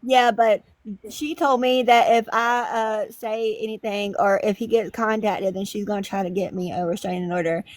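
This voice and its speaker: A woman's voice: medium pitch, fairly even intonation, moderate pace, no echo. Woman, livestream guest, casual chat, profane and confrontational, dry close sound.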